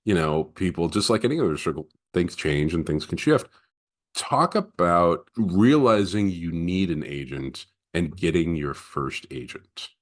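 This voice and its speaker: Man, very low voice, podcast host, thoughtful questions. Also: expressive, unhurried. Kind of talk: interview host.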